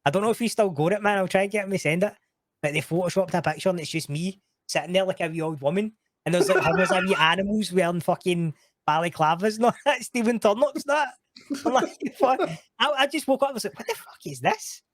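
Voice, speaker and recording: A man's voice: sits high, fast talker, no echo. A man with a Scottish accent, a guest on a casual chat show, swearing freely and laughing through his stories. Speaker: podcast guest.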